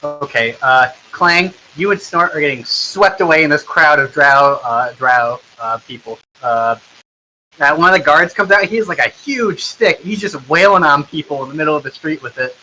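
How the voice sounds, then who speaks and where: A young man narrating a tabletop game as its game master. His voice sits a little high and sounds very bright and cutting, and he narrates loosely, filling gaps with ums and likes. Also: lively intonation, moderate pace, a little hiss or hum, poor audio. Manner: easygoing, many ums and likes.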